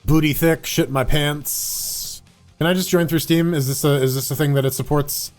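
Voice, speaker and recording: A man co-hosting a live gaming podcast, rambling and joking excitably while playing. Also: fairly high pitch, moderate pace, faint music behind. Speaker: podcast co-host. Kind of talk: casual live gaming chat.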